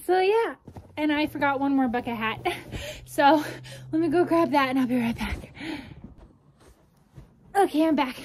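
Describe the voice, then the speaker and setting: A young woman vlogging casually, rambling and thinking aloud with lots of "like"s as she plans an outfit. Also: sits high. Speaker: fashion vlogger. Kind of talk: casual vlog chat.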